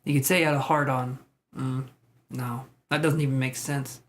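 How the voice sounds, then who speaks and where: A man's voice: medium pitch, level tone, moderate pace, slight background noise. A man hosting a tarot live stream, chatting casually with viewers, joking, laughing and swearing freely.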